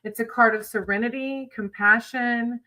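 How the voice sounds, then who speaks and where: A woman's voice: a little high, steady tone, moderate pace, sharp tone, rough recording. A woman chatting casually with viewers on a livestream, greeting them by name and reading tarot cards.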